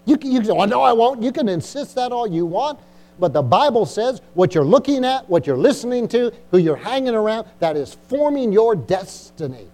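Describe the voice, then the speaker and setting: A man's voice: high voice, very animated, normal speed, warm tone. A middle-aged male pastor preaching a sermon in church, exhorting and repeating himself, often asking the congregation "Amen?". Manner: repetitive, exhorting, frequent "Amen?" and "Come on".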